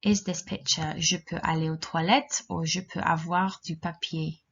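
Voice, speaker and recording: A woman teaching a children's language lesson, giving slow, clear, encouraging instructions. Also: on the low side, fairly even intonation, fairly bright tone. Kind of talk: recorded classroom lesson for children. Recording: dull lo-fi recording.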